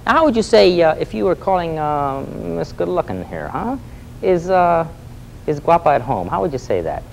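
A man teaching a lively Spanish lesson, repeating phrases for students to echo and coaxing them with a questioning "Hmm?". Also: on the high side, moderate pace, creaky, slight background noise. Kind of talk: lively spoken language lesson.

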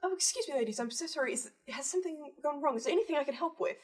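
A woman's voice: sits high, animated, very fast, recorded from a distance, pitched above the performer's own voice. A woman voicing a polite society lady who courteously offers help in a tabletop role-play. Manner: courteous, solicitous.

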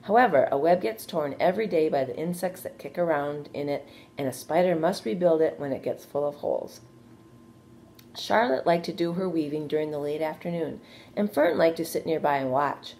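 Low-voiced woman reading to children. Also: normal speed, a little hiss or hum. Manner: gentle, questioning the young listeners. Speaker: elementary school teacher. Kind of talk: reading a storybook aloud to children.

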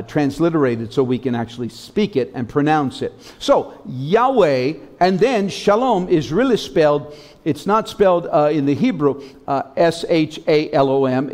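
A man preaching from the pulpit, his voice sitting a little high for a man. He reads scripture with dramatic stresses and pauses, then calls on the congregation to say words back to him. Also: darkish tone. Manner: dramatic reading, leads the congregation in call-and-response. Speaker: pastor. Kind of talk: sermon with scripture reading. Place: church sanctuary.

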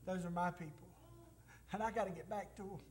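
A man's voice: high-pitched, fairly even intonation, fairly quick, a little hiss or hum. A man who is a missionary pastor, preaching an emotional testimony and calling out to the congregation for amens. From United States. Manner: emotional, tearful at times, calls out for amens. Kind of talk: sermon testimony.

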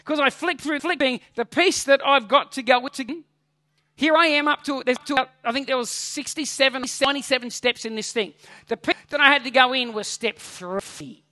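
A male pastor, preaching a sermon with animated, humorous storytelling. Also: very high voice, moderate pace, no echo.

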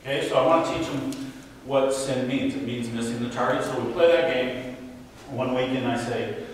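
Animated male speaker in an echoey hall. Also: mid-range voice, moderate pace, distant mic, slight background noise. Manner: animated storytelling with acted quotes. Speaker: parenting speaker. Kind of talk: faith-based parenting talk.

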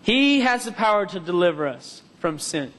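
Male preacher with a strikingly high voice, testifying and calling for amens; sermon heard in a church hall with a long echo. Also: big pitch swings, moderate pace, a bit bright.

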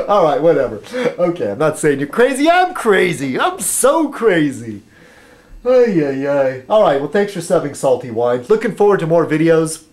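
A man vlogging casually to his subscribers, rambling and halting, with many fillers and restarts as he sips a beer. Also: on the high side, sing-song, a little mellow. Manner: chatty while sipping beer.

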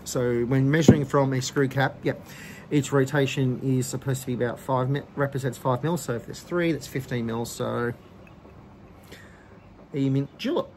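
Relaxed man talking through a whisky tasting. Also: mid-range voice, moderate pace, background noise. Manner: relaxed, hesitant with frequent ums. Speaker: whisky channel host. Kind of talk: casual tasting commentary.

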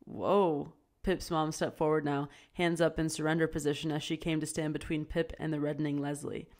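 A woman narrating an amateur audiobook in a steady storytelling voice. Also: sits low, a little fast. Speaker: audiobook reader.

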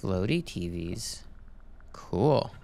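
A man plays a horror game and talks his way through it casually, reading on-screen text aloud and cursing when startled. His voice sits low with a gravelly fry and swings widely in pitch. A faint hiss of noise runs underneath. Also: lively intonation, very slow, dark tone. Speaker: gamer playing a horror game. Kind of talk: casual let's-play commentary.

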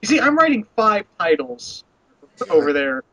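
A man's voice: high-pitched, sing-song, moderate pace, fairly bright tone, dry recording, rough recording. A man joining a casual comic book chat as a guest, joking and teasing.

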